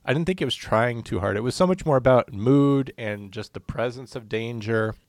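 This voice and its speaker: A man's voice: mid-range voice, moderate pace, no echo, clean studio sound. A man co-hosting a podcast, a former police officer, telling rambling jokey stories with lots of fillers. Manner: joking, rambling storytelling with fillers. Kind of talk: casual podcast banter.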